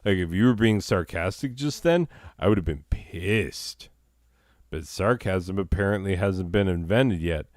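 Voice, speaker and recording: Man, comedy host, deep voice, unhurried, improvised banter, rambling, dry close sound. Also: a little mellow, no room sound. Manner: rambling, self-mocking, full of fillers.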